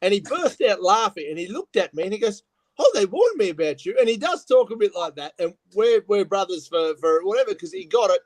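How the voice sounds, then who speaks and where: A man with an Australian accent and a fairly high voice spins profane, rough-edged stories in casual chat. The sound is dry and close, with no room around it. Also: animated, fairly quick, hardly any pauses, dry recording.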